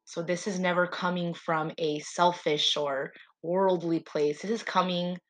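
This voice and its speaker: A woman talks alone on her faith podcast in a slightly low voice. She speaks earnestly and prayerfully, heartfelt and sincere, as she addresses her listeners. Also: steady tone, unhurried, poor audio. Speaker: podcast host. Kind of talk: solo faith podcast monologue.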